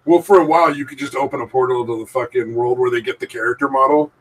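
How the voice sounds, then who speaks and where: A man's voice: medium pitch, quick pace, slightly rough, far from the mic, low-quality recording. A man co-hosting a casual podcast chat, rambling and swearing freely and laughing often. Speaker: podcast co-host.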